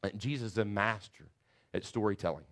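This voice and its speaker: A man's voice: fairly low pitch, a little fast. A man preaching an expository sermon, earnest, with frequent restarts as he walks through the verses. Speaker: pastor.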